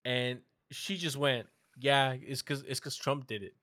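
A man's voice: medium pitch, fairly even intonation, a little slow, sharp tone, no echo, clean studio sound. A young man in casual podcast chat, telling stories animatedly, swearing and mimicking his mother.

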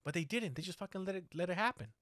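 A man's voice: high-pitched, expressive, rapid-fire, fairly bright tone, no echo, clean studio sound. A man in casual talk, telling a story animatedly, swearing often and acting out the quotes. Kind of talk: casual podcast chat.

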